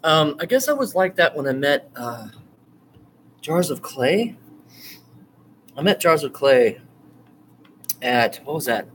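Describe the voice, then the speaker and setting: A man teaching an online writing course in a loose, rambling way, full of fillers and restarts, now and then bursting into eager excitement. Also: fairly high pitch, slow pace, pauses often, a little hiss or hum. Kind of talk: casual screen-share lecture.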